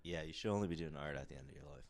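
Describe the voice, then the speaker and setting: A man with a very low voice chiming in on a casual podcast. He drops brief, dry one-liners, and the sound is close and dry with no room echo. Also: rapid-fire. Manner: dry short quips. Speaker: podcast co-host. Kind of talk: casual chat.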